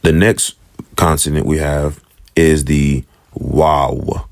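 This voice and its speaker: A man with an African American English accent teaching the Hebrew alphabet in a casual lesson, slowly repeating each letter's sound. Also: a bass voice, flat delivery, creaky, no echo. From United States.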